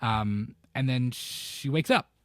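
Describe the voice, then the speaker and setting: Man, casual film chat, animated, acts out lines, mid-pitched, dry close sound. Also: slow, no echo. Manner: animated, acts out quoted lines with sudden high or low voices. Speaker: podcast co-host.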